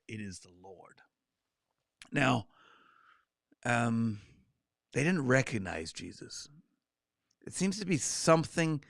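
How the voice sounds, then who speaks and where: A man with a gravelly, creaky voice teaches a Bible study in a relaxed, chatty way. He gets animated and slips in side remarks. The sound is dry and close, with no room echo. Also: medium pitch. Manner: animated, acts out quoted lines with asides.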